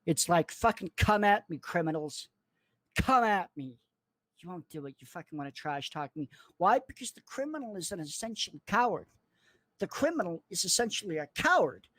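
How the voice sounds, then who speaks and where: A man in a furious, profanity-laden livestream rant, cursing, threatening and mocking people in a squeaky put-on voice. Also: animated, normal speed, a bit bright, no room sound. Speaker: online commentator.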